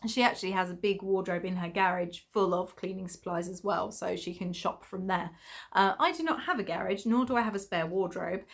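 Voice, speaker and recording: Brisk and gravelly, her mid-range voice carries a loose, meandering podcast chat. The host is a woman from Essex in England, and she peppers her talk with ums and little bursts of laughter.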